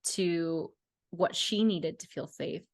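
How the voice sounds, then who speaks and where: Low-voiced woman astrologer, frank. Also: takes it slowly, gravelly, darkish tone, no room sound, clean studio sound. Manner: frank, reflective, swears casually. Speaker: astrologer guest. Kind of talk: casual conversation. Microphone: video call.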